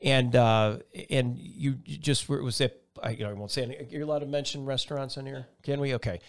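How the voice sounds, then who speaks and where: Male podcast host, quick and gravelly, eager and rambling. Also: medium pitch, steady tone. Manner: rambling, eager, restarts often. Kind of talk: casual interview chat.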